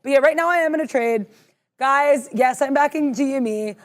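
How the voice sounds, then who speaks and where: A woman co-hosting a live trading show, chatty and bubbly, fond of puns, reading chat and giving market commentary. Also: high-pitched. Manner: bubbly, talks fast, loves puns. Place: studio with green screen.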